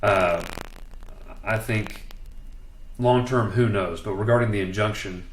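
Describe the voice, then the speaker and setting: A man's voice: fairly low pitch, measured pace, a little hiss or hum. Guy talking about business law, emphatic, repeats himself, echoey room. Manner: opinionated, emphatic, many restarts. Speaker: commentator on network marketing law. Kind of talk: casual spoken commentary.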